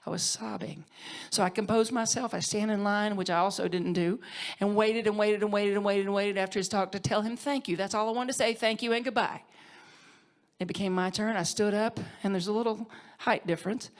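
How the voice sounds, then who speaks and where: A woman's voice: medium pitch, fairly even intonation, brisk. A woman minister giving an emotional award tribute, heartfelt and tearful, laughing at times and sometimes dropping to a whisper. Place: conference hall stage.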